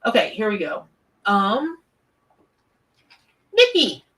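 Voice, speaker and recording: A woman's voice: medium pitch, wildly swooping pitch, slow, fairly bright tone, recorded from a distance. A woman, live-streaming a tarot reading from her home office, chatty and effusive as she greets viewers. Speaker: tarot reader on a livestream.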